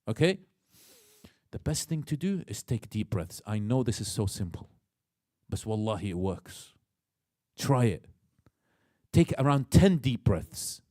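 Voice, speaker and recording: A man with an Iraqi accent giving a religious lecture in a mosque, animated, acting out inner voices and asking the audience questions. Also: medium pitch, a little slow, pauses often, dry recording, studio quality.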